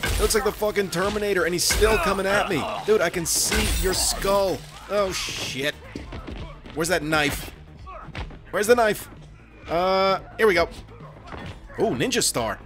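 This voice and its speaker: A man's voice: high voice, a little slow, pauses often. A man giving let's play commentary, profane and joking, talking back to the characters on screen. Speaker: gaming commentator. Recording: music playing behind.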